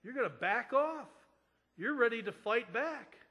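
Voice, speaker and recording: A pastor preaching a sermon in an earnest manner, repeating key phrases for emphasis. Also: male voice, very high-pitched, animated, a little slow, pushed and bright, breathy edge. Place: church sanctuary. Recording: long church reverb.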